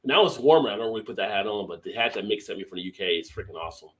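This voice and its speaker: A man's voice: lowish voice, expressive, racing. A man hosting a casual beer live stream, chatting loosely and thanking viewers for their donations. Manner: laid-back, thanks viewers for super chats. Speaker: beer livestream host.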